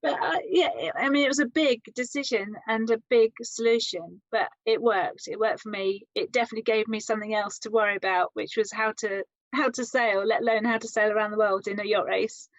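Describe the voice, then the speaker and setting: A woman guest telling her story in an interview, lively and quoting others in acted voices. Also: fairly high pitch, fairly quick, few pauses, no room sound. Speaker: interview guest, adventure psychologist. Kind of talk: conversational storytelling. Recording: slightly muffled, dry sound.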